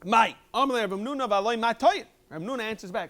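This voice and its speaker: A man, a rabbi teaching a Talmud review class and explaining in a quick, animated way. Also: high voice. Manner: quick, animated explaining with sudden emphatic jumps. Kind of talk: Talmud lecture, English mixed with Hebrew and Aramaic terms.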